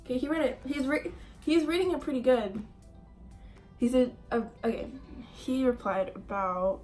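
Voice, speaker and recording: Young woman vlogger, high voice, unhurried, giggly and jittery, faint music behind. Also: darkish tone. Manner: nervous and giggly, many "like" fillers. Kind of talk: casual vlog talk.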